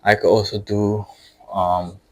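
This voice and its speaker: A man's voice: on the low side, flat delivery, a little slow, darkish tone, dry recording. A young man demonstrating a calisthenics workout and explaining each move, out of breath from exercising, with many fillers and restarts. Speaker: fitness vlogger.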